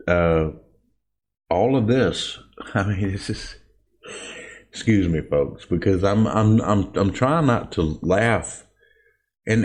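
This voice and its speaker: Low, slow-talking man giving political commentary. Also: darkish tone. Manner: emphatic, indignant, addresses listeners as folks; frequent restarts and fillers. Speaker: podcast host.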